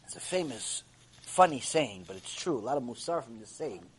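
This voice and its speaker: A man teaching an animated Mussar lecture, repeating points and firing off rhetorical questions. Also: mid-range voice, moderate pace, slightly rough, low-quality recording. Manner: repetitive, acts out dialogue, rhetorical questions.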